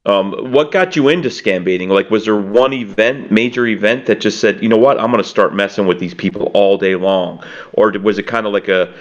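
A man's voice: fairly low pitch, brisk, muffled recording. A man hosting a casual podcast interview, encouraging and complimentary toward his guest. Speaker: podcast host.

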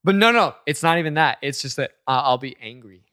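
A man's voice: on the high side, lively intonation, brisk, pushed and bright, dry recording, clean studio sound. A young man co-hosting a casual podcast, teasing his friend with crude slang and frequent laughter.

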